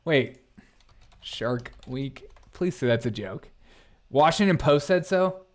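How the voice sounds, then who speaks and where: A man's voice: medium pitch, lively intonation, slow pace. A man hosting a live-stream commentary show, reacting to headlines and chat in a sarcastic, mocking way. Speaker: political commentary host.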